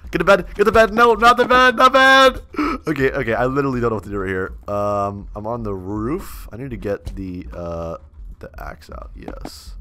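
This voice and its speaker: A young man giving excitable gameplay commentary as a gaming video host, swinging between mumbled asides and loud outbursts. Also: mid-range voice, a little fast. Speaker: gaming YouTuber.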